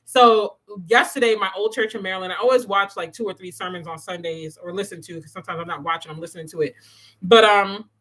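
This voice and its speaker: Woman doing a chill morning faith livestream, bright voice, chatty and animated, lots of y'all and you know. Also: mid-range voice, fast talker, rough recording. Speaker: host of a morning devotional livestream. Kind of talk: casual faith talk, reading live comments.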